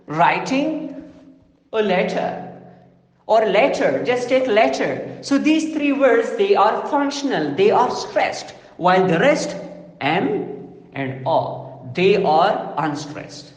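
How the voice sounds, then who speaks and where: A man giving a recorded lecture, explaining slowly and deliberately and correcting himself as he goes. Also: sits high, sing-song. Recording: roomy echo with long reverb.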